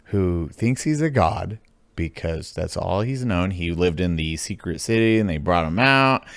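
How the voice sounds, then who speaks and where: Low gravelly man on a podcast. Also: a little slow, dry recording. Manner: animated, laughing, swearing, jumps into high mock voices. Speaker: podcast host. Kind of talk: casual podcast chat.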